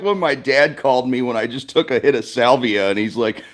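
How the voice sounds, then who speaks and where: A man's voice: mid-range voice, fairly quick. A man hosting a casual livestream from his garage, talking in a rambling, laid-back way and swearing often. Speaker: livestream host.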